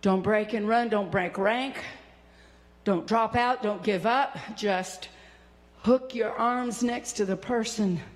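A woman preaching a fiery sermon, shouting at peaks and dropping low between them. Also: slow pace. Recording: long hall reverb.

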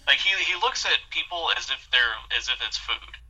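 Bright-voiced, hesitant male podcast co-host. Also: mid-range voice, expressive, brisk, breathy edge, poor audio. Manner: thoughtful, hesitant, fillers like "like" and "um". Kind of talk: casual movie discussion.

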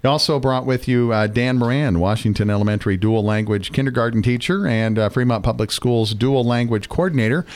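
A man's voice: mid-range voice, brisk, few pauses, a little mellow. A man hosting a morning radio interview segment, asking friendly, easygoing questions. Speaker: radio host.

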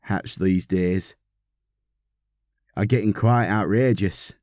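A man's voice: low-pitched, steady tone, slow, darkish tone, no room sound, clean studio sound. A man voicing a courteous, slightly amused young man in his twenties in a story reading. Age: 20s.

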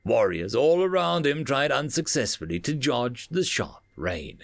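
Brief: gravelly male narrator, dramatic and animated, dry close sound. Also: medium pitch, a little slow, dry recording. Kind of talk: storytelling narration.

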